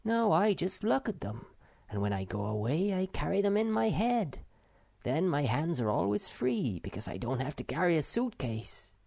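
A man voicing a calm, kindly wandering storybook creature who speaks gently and soothingly. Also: fairly high pitch, a little slow, creaky, few pauses, no room sound, voice pushed up, exaggerated voice. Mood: gentle. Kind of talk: audiobook character voice.

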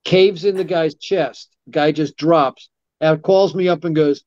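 A middle-aged guest martial arts instructor with a slightly raised pitch tells loose, lively stories at a measured pace, acting out the voices of the people in them as his talk drifts from one anecdote to the next. It's a casual storytelling interview. The recording is dull and lo-fi, close and dry, with no echo or room around it.

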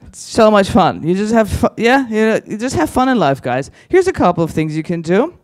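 A man's voice: high voice, sing-song, fairly quick, no room sound, studio quality. A man doing stand-up on a conference stage, teasing the audience with crude, chatty crowd work. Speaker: stand-up comedian.

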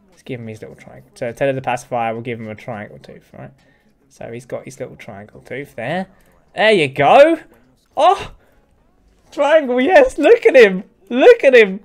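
A young man, casually chatting and joking with viewers while drawing. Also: a little high. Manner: joking, swears freely, chats with viewers. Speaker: streamer drawing with chat. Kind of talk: casual live-stream chat. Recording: faint background music.

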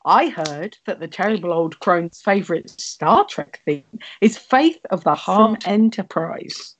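A woman's voice: lowish voice, expressive, measured pace, a little hiss or hum. A woman co-hosting a comedy show over a video call, reading out listener messages in a dry, playful manner. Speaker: comedy club co-host.

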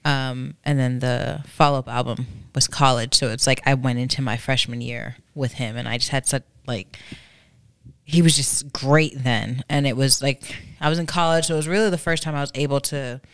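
A woman's voice: extremely low pitch, moderate pace, clean tone, dry recording, studio quality. A woman co-hosting a podcast, chatting casually and rambling through her stories. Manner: rambling, animated storytelling. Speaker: podcast co-host. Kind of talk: casual chat.

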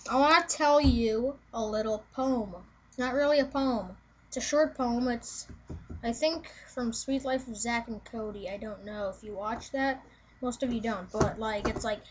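A young woman chatting to her camera in a rambling, filler-heavy way. Her voice is high, and the home-video sound is dull and lo-fi with a faint hiss behind it. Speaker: vlogger. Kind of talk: casual video chat.

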